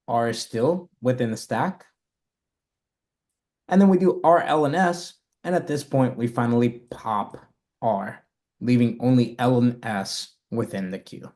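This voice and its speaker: A coding instructor with a mellow, mid-range male voice teaches a live lesson, talking through his code step by step and correcting himself along the way.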